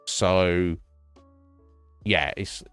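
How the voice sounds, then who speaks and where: A man's voice: low voice, fairly even intonation, drawn-out words, fairly bright tone, clear, resonant tone, no echo, faint music behind. A middle-aged British man chatting casually to his stream, blunt and sweary, rambling with many restarts. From Britain.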